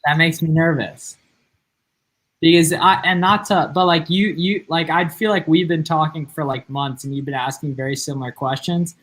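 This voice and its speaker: A man's voice: a little high, fairly even intonation, moderate pace, a bit bright, rough recording. A man co-hosting a casual livestream, answering viewer questions with lots of "like" and "um" fillers. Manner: rambling, heavy use of "like" and "um" fillers.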